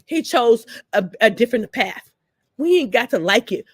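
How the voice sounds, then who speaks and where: Earnest older woman, slightly high, dry close sound. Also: lively intonation, moderate pace, husky, dry recording. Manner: earnest, repeats phrases, trails off. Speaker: vlogger. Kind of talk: emotional livestream monologue.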